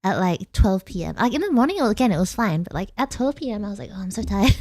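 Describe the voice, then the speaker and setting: A young woman with an Australian accent chats casually with her viewers late at night, rambling and laughing often. Her voice is mellow and soft-edged. The sound is dry and close, with no room around it. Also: mid-range voice, big pitch swings, quick pace, no room sound. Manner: giggly and rambling, reads chat aloud. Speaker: vtuber streamer.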